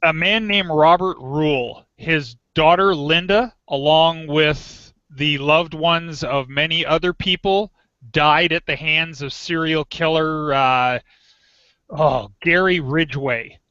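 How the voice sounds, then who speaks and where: Male caller, slow and earnest, sharp, smooth voice. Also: a little high, no room sound. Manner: earnest, tells a story step by step. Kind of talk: casual group video call. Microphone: video call. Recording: dry, muffled video call audio.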